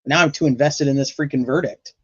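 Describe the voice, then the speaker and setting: A man's voice: on the high side, fairly even intonation, quick pace, fairly bright tone, breathy edge, no echo. A man hosting a casual livestream, chatting with his viewers, swearing now and then, with a sore throat. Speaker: livestream host. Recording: dull lo-fi dry sound.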